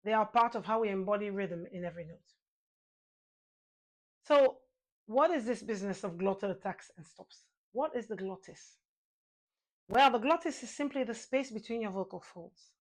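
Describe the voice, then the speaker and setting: Calm, encouraging female vocal coach. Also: medium pitch, normal speed, pauses often. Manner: calm, encouraging, counts aloud and demonstrates sounds. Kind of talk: guided singing lesson.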